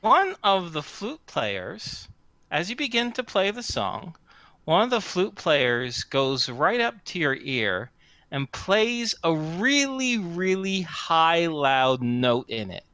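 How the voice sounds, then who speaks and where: Lively, bright-voiced man game master. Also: a little high, no echo. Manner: unhurried, stumbling restarts, laughs often. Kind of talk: narrating a tabletop game.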